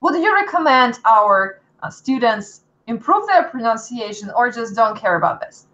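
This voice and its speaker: A woman's voice: a little high, big pitch swings, normal speed, pushed and bright, muffled recording. A woman with a Russian accent, hosting a casual chat and asking questions, sometimes turning to address viewers. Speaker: host.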